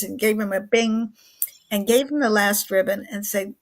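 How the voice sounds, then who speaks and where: Older woman in her 80s, talk show guest, earnest storytelling, mid-pitched voice. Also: steady tone, moderate pace. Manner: earnest, vivid storyteller who acts out quoted lines.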